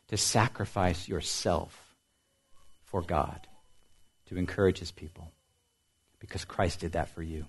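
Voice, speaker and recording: A man preaching a sermon as pastor, building to loud emphasis and dropping to soft, quiet lines, often repeating and asking questions. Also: sits low. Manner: dynamic preaching, swings from loud emphasis to soft near-whispers.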